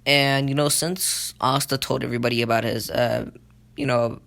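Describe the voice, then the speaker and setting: Rambling gravelly-voiced man. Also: medium pitch, steady tone, moderate pace, fairly bright tone. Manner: rambling, lots of fillers and swearing. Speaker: channel host. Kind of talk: casual anime plot retelling.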